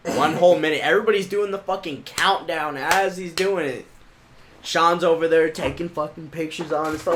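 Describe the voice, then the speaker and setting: A man co-hosting a podcast, chiming in with expressive, profane jokes and lots of laughter. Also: a little high, normal speed, slight background noise. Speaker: podcast co-host. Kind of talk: casual chat.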